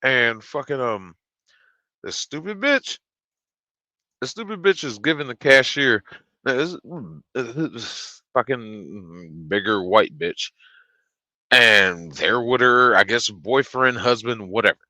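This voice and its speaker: A man streamer telling a story in a casual, profane, blunt and animated way. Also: medium pitch, takes it slowly, no echo, muffled recording.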